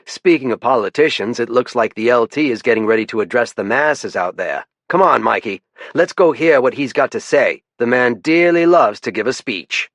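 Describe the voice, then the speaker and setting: A man voicing a cynical older game warden with a gruff, folksy way of talking. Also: mid-range voice, lively intonation, normal speed, fairly bright tone, dry recording, voice pushed up. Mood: wry.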